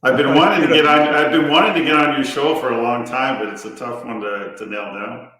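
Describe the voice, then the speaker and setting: A man who is a former hockey player, a podcast guest speaking in an even, measured way from a bare office. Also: medium pitch. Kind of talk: casual podcast interview. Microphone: headphones and remote mic in echoey room. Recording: echoey bare office audio.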